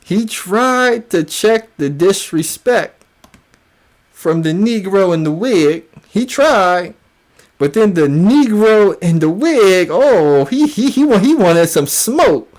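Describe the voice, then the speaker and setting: A woman hosting a drama commentary show, full of exclamations and repeated phrases. Her pitch rises and falls widely while her overall pace stays unhurried. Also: lively intonation, a little mellow. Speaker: commentary channel host.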